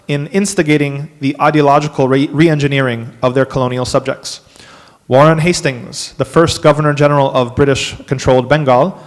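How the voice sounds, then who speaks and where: A man, an imam, giving a workshop lecture to a live audience, animated and dropping wry asides. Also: mid-range voice. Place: mosque hall. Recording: long hall reverb.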